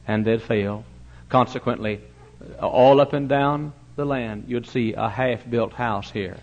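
A man preaching a sermon in a fervent revival style, swinging between loud pleading and hushed, earnest asides. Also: mid-range voice. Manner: old-fashioned revival preaching cadence. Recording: muffled lo-fi recording.

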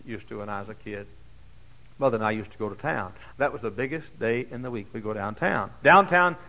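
An older man preaching a folksy sermon. He tells stories dramatically, moving from hushed asides to high, shouted exclamations. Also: fairly quick, rough recording. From Dallas, Texas. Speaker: pastor. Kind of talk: sermon with personal storytelling. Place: church.

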